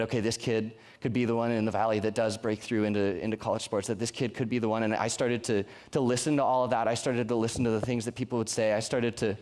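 A man's voice: medium pitch, darkish tone. A young man from Colorado preaching to a youth group in an earnest, conversational way, often restarting his sentences. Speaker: youth pastor. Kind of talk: sermon. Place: church youth service.

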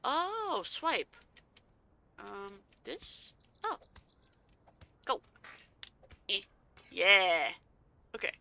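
A woman's voice: medium pitch, very animated, extremely slow, gravelly, pauses often, pushed and bright. A woman playfully commenting on a game as she plays, seated and chatting to herself. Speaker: gaming channel host. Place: seated at home.

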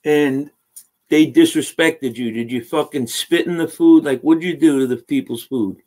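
A man's voice: a little high, normal speed, darkish tone. A man joining a live chat as a guest, blunt, wisecracking and swearing freely. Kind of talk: casual chat.

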